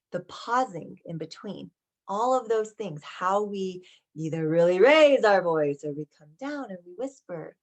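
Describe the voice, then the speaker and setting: Young woman, lowish voice, relaxed somatic teacher who keeps asking "right?". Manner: conversational, frequent "right?" and "okay?" check-ins. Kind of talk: casual teaching monologue.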